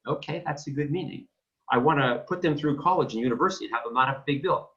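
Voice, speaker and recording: A man's voice: medium pitch, quick pace, fairly bright tone. A man coaching realtors, blunt and emphatic, acting out phone calls with clients. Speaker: real estate coach. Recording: dull lo-fi sound.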